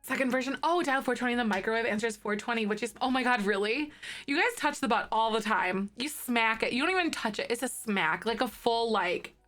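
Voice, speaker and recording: A woman in her thirties chats casually with her live-stream audience, giggly and talkative, laughing often between thoughts. Her voice sits high and bright, and faint music runs underneath. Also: brisk. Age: 30s.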